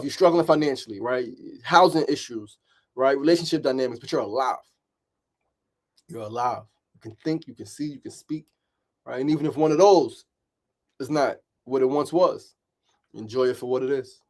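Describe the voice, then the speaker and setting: A man's voice: medium pitch, moderate pace, darkish tone. A middle-aged man hosting a motivational talk, emphatic and repetitive, often asking "right?". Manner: emphatic and repetitive, with frequent "right?" and mild swearing. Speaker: podcast host.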